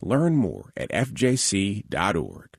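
A man's voice: lowish voice, huge pitch swings, slow, gravelly, breathy edge, no echo, clean studio sound. A man reading a radio sponsor announcement.

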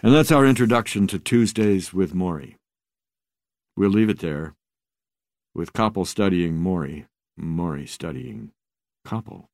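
A man reading a book aloud on radio in a measured, even narration. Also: sits low, no room sound, studio quality.

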